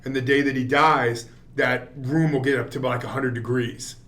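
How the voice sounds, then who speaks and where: A man, a guest actor, telling a story in a relaxed, rambling way on a podcast. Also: medium pitch, moderate pace. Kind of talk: casual storytelling chat.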